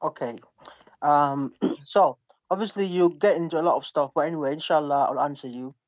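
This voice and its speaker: A man's voice: a little high, normal speed, dry recording, dull audio. A man debating online, insisting on finishing his point and reading verses aloud. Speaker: Muslim debater.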